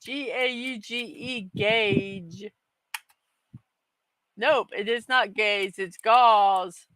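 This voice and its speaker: Woman, livestream host, casual chat, self-deprecating, laughs often, slow talker, dry close sound. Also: a little high, bright, forceful tone, dry recording, rough recording. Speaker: host of a daily morning livestream.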